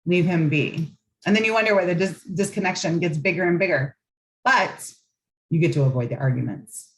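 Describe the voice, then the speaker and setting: A woman's voice: lowish voice, a little fast, low-quality recording. A woman relationship coach giving a guided coaching talk in a soothing, affirming, earnest way.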